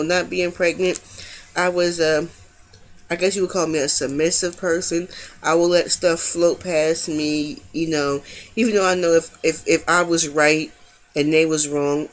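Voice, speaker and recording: A young woman talking casually to her camera, candid and rambling with frequent restarts. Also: deep voice. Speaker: vlogger sharing pregnancy update.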